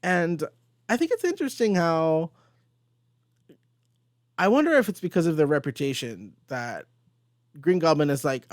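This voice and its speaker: A man hosting a casual comic book discussion, recapping pages with animated delivery and quick quoted lines. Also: fairly high pitch, dry recording, studio quality. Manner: animated recapping, quoting characters in passing. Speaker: host.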